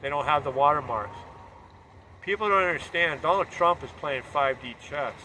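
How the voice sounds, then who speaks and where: A man's voice: a little high, normal speed, pushed and bright, a little hiss or hum. A man delivering a fervent, preachy political monologue.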